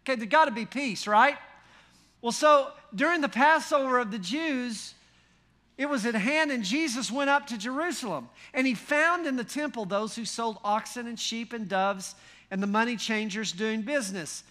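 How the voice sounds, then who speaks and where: A man preaching a sermon in a folksy, animated way, full of rhetorical questions and wry humor. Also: very high voice, normal speed. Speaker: pastor.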